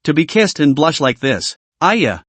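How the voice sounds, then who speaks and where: A man's voice: a little high, sing-song, measured pace, a bit bright, dry recording, exaggerated voice. A man voicing a playful, mischievous female cat demon girl who teases and giggles. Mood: teasing. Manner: teasing, giggling. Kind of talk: recap narration with read-out dialogue.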